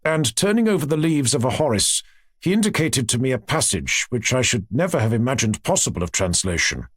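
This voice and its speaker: A man reading a classic novel aloud in an expressive, measured storytelling manner. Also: mid-range voice, husky, no room sound, clean studio sound. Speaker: audiobook narrator. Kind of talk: scripted narration.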